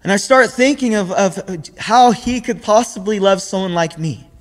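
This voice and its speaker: A young man with a high voice preaches a sermon at a moderate pace, earnest throughout. He often repeats words while searching for the next phrase, and the recording carries a long hall reverb.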